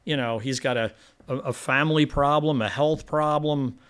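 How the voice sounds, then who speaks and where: A man's voice: medium pitch, steady tone, normal speed, fairly bright tone, clean tone. A man hosting a film review podcast in a casual, rambling chat with many restarts.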